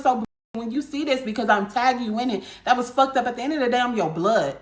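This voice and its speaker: A woman's voice: a little high, lively intonation, a little fast. A woman telling a casual storytime to her viewers, blunt and profane, talking straight to them as y'all. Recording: echoey room.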